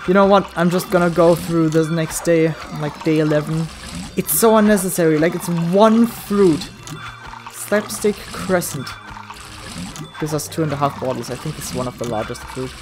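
A let's play gamer commentating, swearing a lot, yelling at the game and then muttering to themself. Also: medium pitch, moderate pace, music in the background.

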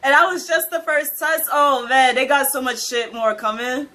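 Excitable bright-voiced young woman reacting. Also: high-pitched, moderate pace, rough recording. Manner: excitable, giggly, swears casually. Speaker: anime reaction youtuber. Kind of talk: casual reaction commentary.

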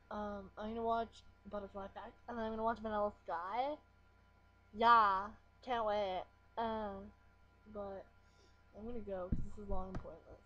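A woman's voice: mid-range voice, fairly even intonation, moderate pace, a bit bright. A teenage girl vlogging casually at home on a webcam, mumbling, swearing and complaining about being bored. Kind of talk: casual rambling vlog. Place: at home, indoors. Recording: dull lo-fi webcam audio with faint hiss.

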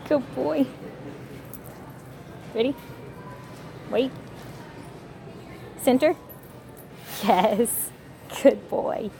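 Speaking very slowly with long pauses, a young woman with a fairly high, gravelly yet mellow voice films a casual vlog with her service dog. She gives him short commands and coos in a sing-song baby voice, with background noise audible.

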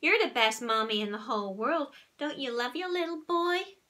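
A woman's voice: high-pitched, animated, moderate pace, sharp tone, pitched above the performer's own voice. A woman reading a storybook aloud, voicing a cheeky little boy who sweet-talks in a wheedling, sing-song, innocent manner.

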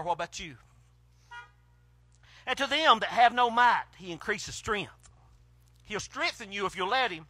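Man, fiery preacher; high, ringing voice, bursts of shouting, then drops low. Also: no room sound. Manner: swings between hushed and shouted exclamations. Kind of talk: fiery country sermon. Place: outdoor drive-in church service.

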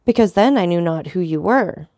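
A woman's voice: lowish voice, animated, moderate pace, a little mellow, no room sound. Woman doing a furious young nobleman. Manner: angry, trembling.

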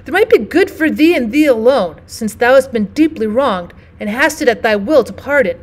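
A woman's voice: on the high side, lively intonation, moderate pace. A woman voicing a resolute, shamed woman who speaks earnestly and pleadingly in old-fashioned words. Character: anguished, resolute woman shamed by her past.

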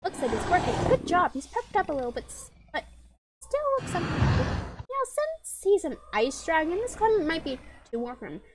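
A woman playing an online dragon game gives chatty, giggly commentary and reads quest text aloud, with loud game music playing under her voice. She speaks briskly in a very high-pitched voice with big pitch swings, over heavy background noise.

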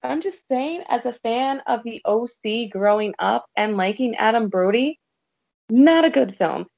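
A woman's voice: on the high side, animated, unhurried, gravelly. A woman guest on a podcast, trading blunt, dry comebacks in casual chat. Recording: dull lo-fi sound.

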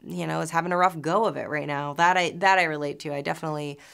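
A woman's voice: low-pitched, fairly even intonation, fast, gravelly, fairly bright tone, clean tone. A woman from New York in her thirties, an actress answering interview questions in a chatty way, full of fillers and restarts.

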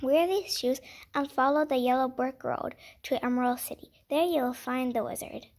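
A woman's voice: high voice, normal speed, a little mellow. A woman voicing the kindly old Witch of the North in a plain storybook read-aloud voice. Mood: gentle.

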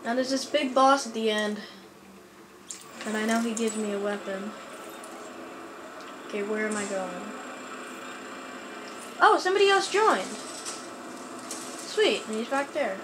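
A woman giving chatty, excitable let's play commentary at home, talking back at the enemies on screen. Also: a little high, unhurried, pauses often, noisy background. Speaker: gaming YouTuber.

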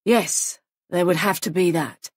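A woman's voice: fairly low pitch, a little slow, breathy edge, no room sound, studio quality. A woman voicing a stern male police sergeant in an audiobook, speaking in a firm, clipped, probing way. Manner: firm, clipped, pressing questions.

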